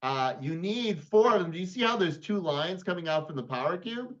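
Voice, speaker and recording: A man's voice: high-pitched, animated, fairly quick, lo-fi sound. A man who designs games, teaching one in a casual online stream. He is upbeat and encouraging, and he likes to tease. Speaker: game designer teaching the rules.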